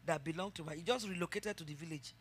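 A woman's voice: lowish voice, fast talker, slightly rough. A middle-aged Nigerian woman pastor preaching a sermon, telling a personal story and rising to fervent emphasis.

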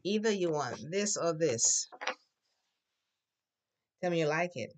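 Classroom teacher, patient drill voice, models words loudly for repetition. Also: mid-range voice, expressive, slow pace. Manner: patient, coaxing prompts. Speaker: Spanish teacher.

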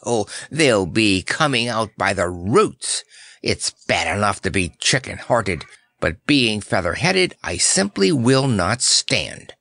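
A man voicing the Cowardly Lion, gruff and blustering. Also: a little high, slow pace, hardly any pauses, no room sound, pitched above the performer's own voice. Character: blustering, cowardly male lion, easily angered.

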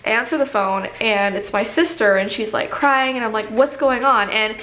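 A woman's voice: on the high side, normal speed, a bit bright, reverberant, slight background noise. A young woman from Canada hosting a casual story-time vlog, chatty and full of "like" fillers. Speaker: vlogger.

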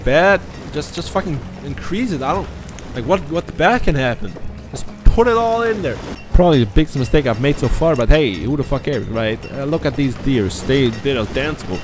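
A man whose first language is German, giving rambling, profane, self-mocking commentary while playing a game. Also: on the high side. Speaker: gaming commentator. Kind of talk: casual let's-play commentary.

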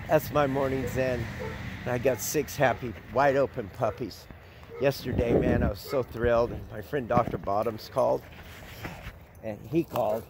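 Older man, rambling casual chat, outdoors, faint background noise. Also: normal speed. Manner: rambling, talks to puppies in a high cooing voice. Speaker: animal sanctuary owner. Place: outdoors at an animal sanctuary.

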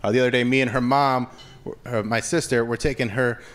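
A man's voice: mid-range voice, steady tone, brisk, a bit bright. A man doing a stand-up comedy set on stage, telling stories in a wry, conversational way into a handheld mic. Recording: live room with audience noise.

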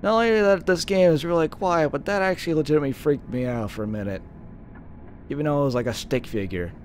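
A man hosting a casual let's-play gaming video, swearing, laughing at his own jokes and thinking out loud as he plays. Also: fairly low pitch, background noise.

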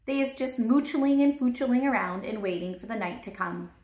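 A woman's voice: a little high, expressive, moderate pace, a little mellow, pitched above the performer's own voice, close to an everyday voice. Woman reading as a kindly giant with mangled words. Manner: tumbles through made-up words with a folksy lilt. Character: big friendly male giant, kindly, muddled speech. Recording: roomy echo.

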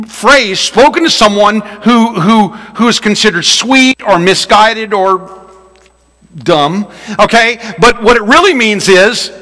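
A man's voice: sits high, lively intonation, a little slow, pushed and bright. A man preaching a sermon as pastor, joking and folksy as he tells stories. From Louisiana. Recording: long reverb of a large hall.

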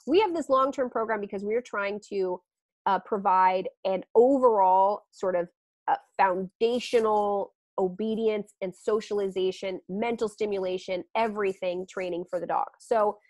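A woman dog trainer talks through her program on a podcast in an animated, chatty way. Her voice sits mid-range for a woman. The recording is close and dry, with no room sound. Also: medium pitch, moderate pace, no room sound. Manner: animated, laughs often, acts out quotes. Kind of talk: podcast interview.

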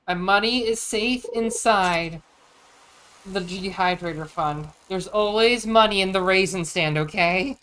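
A woman's voice: mid-range voice, measured pace, fairly bright tone. A woman streamer chatting casually and thinking aloud as she plays a game. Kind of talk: casual gameplay chat.

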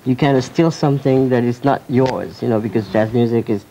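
A man from France, a jazz pianist guest in a casual TV interview, joking playfully and pausing on fillers. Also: medium pitch, creaky, warm tone, slight background noise. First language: French. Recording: dull lo-fi 1990s TV recording.

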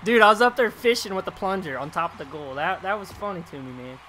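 Excitable young man streaming a game. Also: high-pitched, quick pace, slight background noise. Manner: excitable, chatty, reads chat aloud, calls viewers dude. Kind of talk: live gameplay streaming commentary.

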